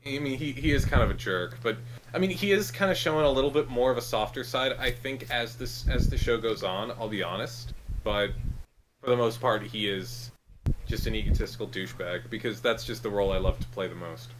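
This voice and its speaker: A man's voice: mid-range voice, a little fast. A man co-hosting a podcast in casual chat, drifting off on tangents as he talks. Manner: rambling, goes off on tangents. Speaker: podcast co-host. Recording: noisy mic with clicks.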